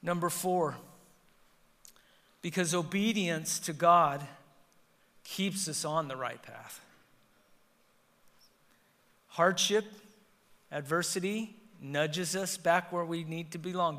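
A middle-aged man preaching a sermon as pastor, swinging between loud emphatic peaks and quiet, low passages. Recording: long hall reverb.

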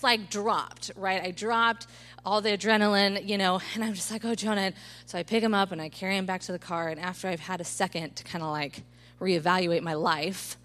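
A woman in her thirties preaching at a midweek church service, telling family stories in an animated way and often checking in with the room by asking "right?". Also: mid-range voice. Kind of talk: sermon.

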